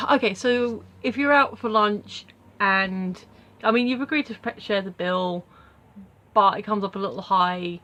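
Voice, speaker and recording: A woman's voice: medium pitch, a little slow, a bit bright. A woman talking casually to camera at home in a vlog, rambling through her thoughts with lots of fillers and restarts. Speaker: vlogger.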